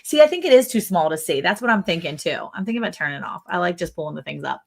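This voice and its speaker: A woman's voice: lowish voice, animated, rapid-fire, vocal fry. A woman co-hosting a casual livestream from her ranch, rambling and chatty, often correcting herself mid-sentence. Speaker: livestream co-host. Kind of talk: casual live-stream chat.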